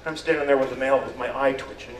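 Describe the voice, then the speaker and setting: A man's voice: mid-range voice, fast talker, heavy background noise. Wry older man telling stories on stage. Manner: wry, deadpan, rambling. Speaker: stand-up performer. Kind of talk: stand-up storytelling. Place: stage at a community talent show. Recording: echoey hall, voice far from mic, faint ambience.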